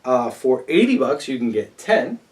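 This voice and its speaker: A man's voice: medium pitch, sing-song, normal speed, darkish tone, recorded from a distance. A man co-hosting a casual chat about tabletop miniatures, upbeat and prone to stumbling over names. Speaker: co-host. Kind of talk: casual chat reviewing crowdfunding campaigns.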